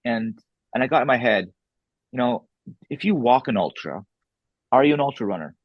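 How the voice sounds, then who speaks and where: A man's voice: mid-range voice, moderate pace, no echo, lo-fi sound. A man talking as an author and podcast guest, telling a story casually, acting out what people said, with blunt, salty wording. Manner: animated, re-enacts dialogue, blunt and salty.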